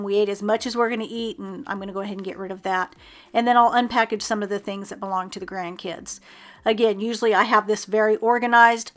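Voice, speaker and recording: A woman's voice: medium pitch, a bit bright. A woman, chatting casually through a home decluttering video with frequent ums and little laughs at herself. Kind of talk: casual how-to voice-over.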